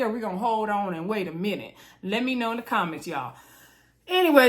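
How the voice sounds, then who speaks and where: With a slightly high, somewhat bright voice, a young woman chats and gossips while recapping a reality show for her audience. She acts out quotes and frequently calls out to viewers, calling them "y'all."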